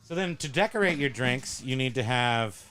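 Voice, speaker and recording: A man's voice: medium pitch, animated, moderate pace, bright, forceful tone, faint music behind. A man hosting a casual show-and-tell chat at a home tiki bar, rambling and joking as he corrects himself. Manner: rambling, jokey, self-correcting. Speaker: host.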